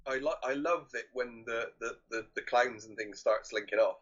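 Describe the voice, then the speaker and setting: A man's voice: medium pitch, normal speed, a bit bright, lo-fi sound. A man co-hosting a podcast, talking eagerly about film shots, with stumbling restarts and casual swearing. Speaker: podcast co-host.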